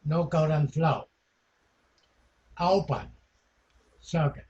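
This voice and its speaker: A man teaching an electronics class, talking in short, halting phrases that he often repeats, with non-native grammar. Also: on the high side, a little mellow, muffled recording. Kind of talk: classroom lecture.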